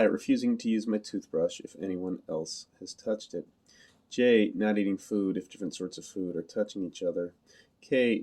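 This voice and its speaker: Male reader, deep and dark, flat and measured first-person reading. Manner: flat, literal, measured delivery. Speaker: audiobook reader.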